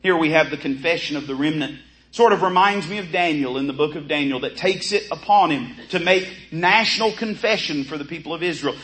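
A man's voice: fairly high pitch, a little fast, a bit bright, low-quality recording. A man teaching a Bible course, earnestly explaining and reading scripture aloud with pleading emphasis.

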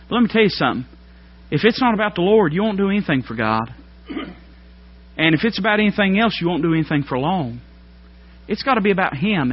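A man's voice: high voice, slightly rough. Folksy preacher man. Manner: folksy preaching, rises to loud emphatic peaks. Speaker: pastor. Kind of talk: sermon. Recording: dull lo-fi sermon recording.

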